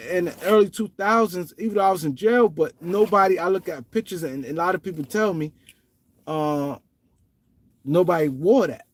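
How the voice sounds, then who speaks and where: Man from Harlem with a New York accent, show host, loose slangy ramble, slightly higher voice. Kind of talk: casual livestream commentary.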